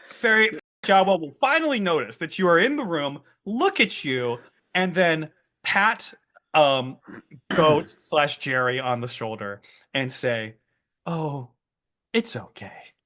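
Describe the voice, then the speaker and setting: A man narrating a tabletop game as game master, animated and often laughing. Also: on the high side, takes it slowly.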